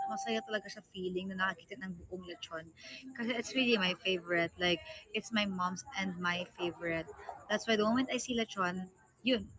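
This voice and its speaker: Speaking with a fairly bright tone at medium pitch, this livestream host is a young woman from the Philippines with a Filipino accent. She's chatty and relaxed with her viewers, switching freely between English and Tagalog.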